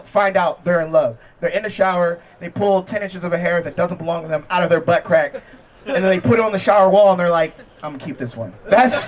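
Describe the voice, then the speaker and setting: A man with a high voice performs a relaxed, conversational stand-up set outdoors. He makes fun of himself and chats with the audience between punchlines, speaking into a handheld stage mic. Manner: conversational, self-deprecating punchline delivery with crowd asides. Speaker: stand-up comedian. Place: outdoor backyard comedy show.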